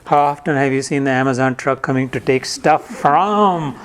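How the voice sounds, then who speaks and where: A man's voice: mid-range voice, normal speed, smooth. A man giving a spiritual lecture to a live audience, explaining Sanskrit verses word by word in a conversational way. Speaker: Gita teacher.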